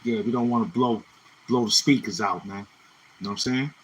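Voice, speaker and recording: This Brooklyn, New York City man hosts a casual livestream, chatting loosely between freestyle rhymes and ending lines with "you know what I'm saying." His voice sits on the low side, husky and fairly quick, and the recording is rough.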